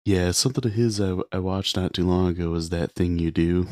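Deep, mellow-voiced man chatting about movies. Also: brisk, no echo, studio quality. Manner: rambling, retells scenes with filler words. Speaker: podcast co-host. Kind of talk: casual movie chat.

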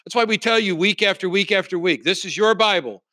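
A male pastor delivers a sermon in a bright, forceful voice that sits a little high for a man. He reads scripture aloud and presses his points with repeated refrains. The sound is dry and close, with no room echo. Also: a little fast.

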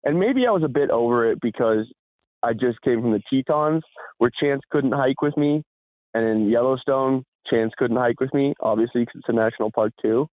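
A man co-hosting a podcast, telling a story in a casual, animated way, laughing often and swearing freely. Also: medium pitch, moderate pace, no room sound. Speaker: podcast co-host. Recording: tinny phone-like sound, dry.

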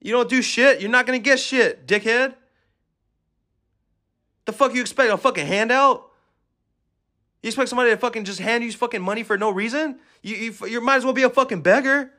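A man's voice: extremely high pitch, brisk, pauses often, bright, forceful tone. A man hosting a podcast, giving an aggressive, swear-filled motivational rant at the listener. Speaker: podcast host.

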